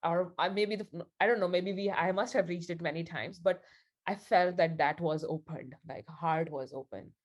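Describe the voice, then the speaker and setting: A woman's voice: fairly low pitch, normal speed. A woman leading a spiritual group session, telling a story in a chatty, casual way with frequent laughs. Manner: chatty, laughs often, many fillers like "like".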